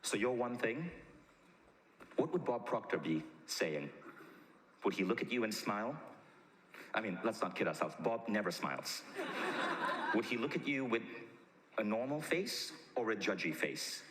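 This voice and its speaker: A man telling a story on stage in a lively motivational talk, sometimes rushing and sometimes drawing words out. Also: medium pitch. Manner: animated, shifts between rushed and drawn-out. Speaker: speaker at a personal-growth event. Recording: echoey hall.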